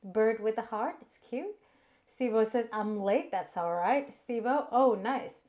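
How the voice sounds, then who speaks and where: A woman's voice: a little high, animated, unhurried, darkish tone. A woman co-hosting a live cooking stream, chatting casually, giggling and reading viewer comments aloud.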